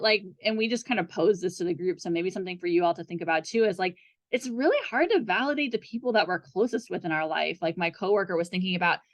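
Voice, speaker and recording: A young woman, a therapist, teaching a group in a casual, chatty way, often checking in with "right?". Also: mid-range voice. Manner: chatty, many fillers and "right?" tags.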